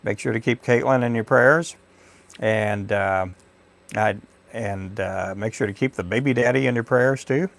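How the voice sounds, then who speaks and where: A man's voice: fairly low pitch, a little slow, gravelly. A middle-aged man from Texas hosting a casual livestream, rambling and chatty as he thanks viewers by name. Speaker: livestream host. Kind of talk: casual live chat with viewers.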